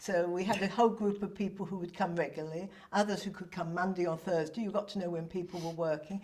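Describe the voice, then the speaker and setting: A woman's voice: lowish voice, steady tone, racing, few pauses, darkish tone. An older woman from England, recounting past events steadily in an interview. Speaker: interviewee, former activist. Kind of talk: recollecting interview answers.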